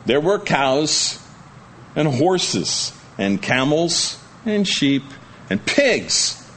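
A man's voice: fairly high pitch, big pitch swings, extremely slow, fairly bright tone, slight background noise. A male pastor preaching a sermon, reading scripture aloud and then explaining it in a chatty, folksy way with joking asides to the congregation.

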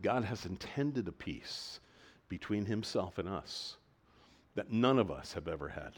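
A man preaching a sermon as pastor, animated, with emphatic swells in volume and frequent restarts of his phrases. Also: deep voice, unhurried.

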